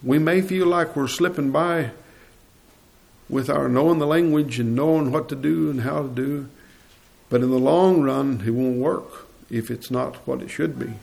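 A man preaching a sermon, telling a story earnestly and clearing his throat now and then. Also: mid-range voice, normal speed, a little mellow.

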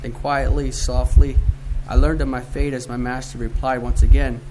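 A man's voice: mid-range voice, level tone, normal speed. Earnest man reading scripture over hiss. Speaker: devotional reader. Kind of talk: reading scripture and a devotional poem. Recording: noisy recording with clicks.

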